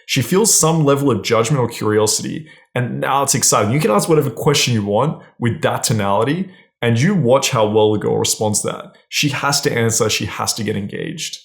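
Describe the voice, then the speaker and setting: A man's voice: mid-range voice, brisk, gravelly, hardly any pauses. A man giving casual, blunt dating advice straight to camera, swearing freely and often checking in with "right?". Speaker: dating coach.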